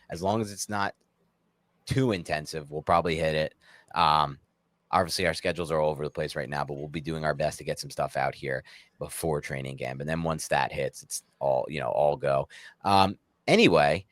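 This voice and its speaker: A man with a low, deep voice chatting as co-host of a sports podcast. He talks in a loose, jokey, rambling way. The sound is dry and close to the mic. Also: no echo. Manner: laid-back, jokey, rambling. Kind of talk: casual sports podcast chat.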